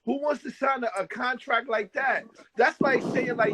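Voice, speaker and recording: Very high-pitched male host challenging a guest's claims, lots of "like" and interruptions. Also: big pitch swings, measured pace, hardly any pauses, very noisy. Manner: questioning, interjects with "like" and "time out". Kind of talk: casual debate.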